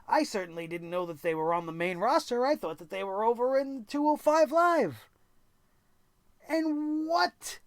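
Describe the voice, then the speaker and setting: A wrestling recap host speaks at a middle pitch in a dry, close sound. The voice is sarcastic and exasperated. It swears freely and keeps firing off incredulous rhetorical questions. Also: animated, fairly quick, few pauses, dry recording. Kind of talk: ranting wrestling recap commentary.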